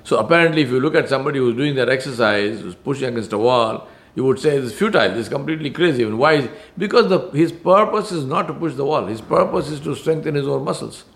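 A man's voice: mid-range voice, animated, quick pace, vocal fry. A man preaching a sermon in an earnest manner, stressing points by repetition and often restarting his phrases.

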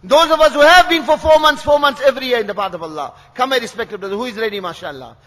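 A man preaching an impassioned sermon to a large gathering, swinging from hushed pleading to shouts and rattling off verses at speed. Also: very high voice, long reverb tail. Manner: emotional, rising to shouts, recites Arabic verses rapidly.

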